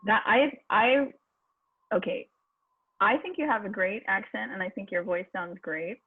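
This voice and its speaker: Husky woman voice coach on a video call, upbeat, encouraging, tinny phone-ish sound. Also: mid-range voice, normal speed, no room sound. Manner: upbeat and encouraging, laughs often. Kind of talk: online speaking workshop.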